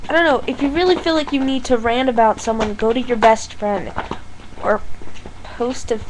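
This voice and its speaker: A woman's voice: a little high, steady tone, normal speed, noisy background. A young woman ranting in a vlog, blunt, exasperated and sarcastic. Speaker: vlogger.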